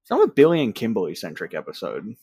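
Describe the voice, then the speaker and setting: A man's voice: low voice, huge pitch swings, rapid-fire, mellow, breathy edge, dry recording. A man co-hosting a casual podcast, tired and self-deprecating. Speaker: podcast co-host. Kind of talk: casual chat.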